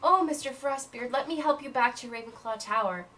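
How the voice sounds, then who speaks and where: A woman's voice: high voice, brisk, sharp tone, far from the mic, slight background noise. A woman voicing a scheming female professor who sounds prim and falsely sweet.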